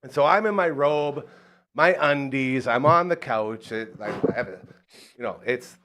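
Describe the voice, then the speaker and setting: A man from Saskatchewan hosting a podcast, telling a story in casual chat and acting out quotes in a high excited voice. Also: moderate pace, background noise. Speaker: podcast host.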